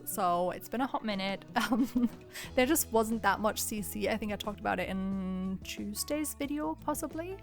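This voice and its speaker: Give me a young woman chatting casually into a voiceover mic, her voice weak and cracking, mid pitch, subdued and flat. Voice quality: subdued, monotonous delivery. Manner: chatty, rambling, laughs often. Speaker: video creator. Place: home voiceover.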